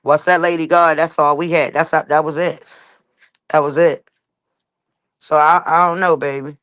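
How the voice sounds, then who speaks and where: A woman's voice: low voice, steady tone, moderate pace, fairly bright tone, no echo. A woman vlogger telling her own life story to viewers in casual talk, blunt, profane and emphatic.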